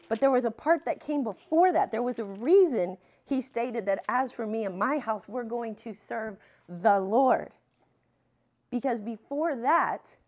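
A woman teaching a sermon in a conversational way, reading scripture aloud and breaking into animated asides. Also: a little high. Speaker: Bible teacher. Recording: muffled lo-fi sound.

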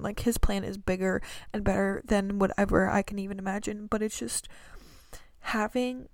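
A woman's voice: mid-range voice, steady tone, a little fast, gravelly, no echo. A young woman hosting her own podcast, talking casually and earnestly about faith and a coming business launch, rambling with many fillers and restarts. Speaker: podcast host.

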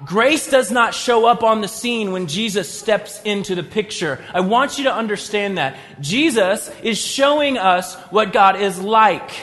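High-voiced male preacher in a reverberant hall. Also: a bit bright. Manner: conversational preaching, retells scripture dramatically. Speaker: pastor. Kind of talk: sermon.

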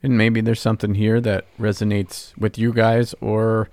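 A man's voice: lowish voice, little pitch movement, moderate pace, a little mellow, no echo. A man co-hosting a casual hobby podcast, rambling and teasing his co-host. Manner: rambling, teasing, self-deprecating.

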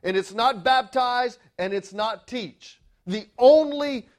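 A man's voice: high voice, slow pace, fairly bright tone. A man preaching a sermon in a church, emphatic, with frequent fillers and restarts. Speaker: pastor.

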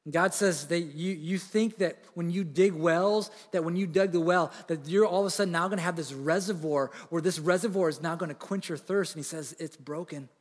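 A man with a fairly high voice preaches in an earnest, conversational way, often restarting mid-sentence. His words ring out with a long reverb in a large church hall. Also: brisk, hardly any pauses. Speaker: pastor. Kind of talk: sermon.

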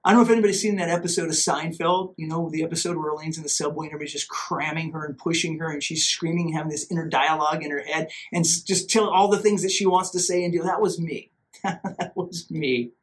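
A man hosting a podcast, telling a story casually in an animated, self-mocking way and acting out his own inner voice. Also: on the high side, fast. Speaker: podcast host.

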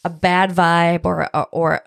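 A woman telling a story in casual chat, animated and blunt, laughing often. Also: on the low side, measured pace, gravelly, dry recording, studio quality.

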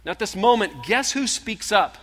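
A man preaching a sermon as a pastor, telling a story earnestly, sometimes emphatic and sometimes hushed. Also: high voice, big pitch swings, moderate pace. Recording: long hall reverb.

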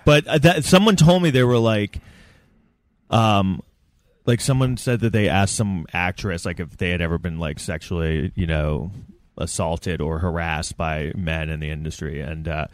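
A man's voice: low-pitched, normal speed, no echo, clean studio sound. A man co-hosting a podcast, telling rambling, joking stories in casual chat. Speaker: podcast co-host.

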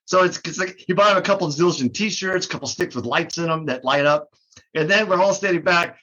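A man's voice: on the high side, fairly quick, bright, forceful tone. An older man telling a story as a guest in a casual talk, laughing and cursing, with many restarts, recorded on dull, lo-fi audio. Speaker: guest, drum shop co-owner.

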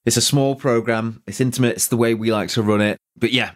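A British man with a husky voice hosting a podcast, giving a relaxed, rambling business update full of "sort of" fillers. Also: medium pitch, fairly quick. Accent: British English. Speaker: podcast host, property business owner. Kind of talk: casual business update monologue.

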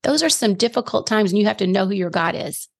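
A woman's voice: mid-range voice, lively intonation, quick pace, vocal fry. A middle-aged woman, a grandmother, giving an earnest personal testimony as a guest in a faith interview, emphatic at key phrases.

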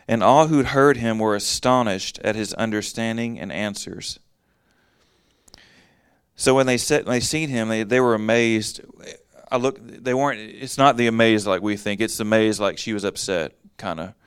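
A man's voice: fairly low pitch, moderate pace, clean tone, no echo, clean studio sound. A man giving a casual Bible teaching, reading verses aloud and then explaining them in plain, conversational talk.

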